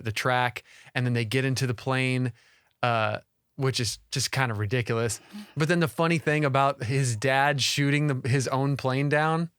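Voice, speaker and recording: A man's voice: medium pitch, fairly bright tone, clear, resonant tone, no room sound, studio quality. A man co-hosting a podcast, casually and animatedly talking about a favorite movie scene, amused, with many restarts. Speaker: podcast co-host. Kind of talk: casual film discussion.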